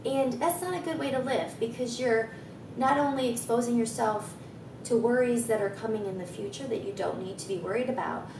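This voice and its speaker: A woman's voice: a little high, roomy sound, recorded from a distance. A woman in her thirties with a froggy, scratchy throat, guiding a stretching routine and chatting encouragingly between cues. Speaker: fitness instructor. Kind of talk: guided stretching with chatty asides.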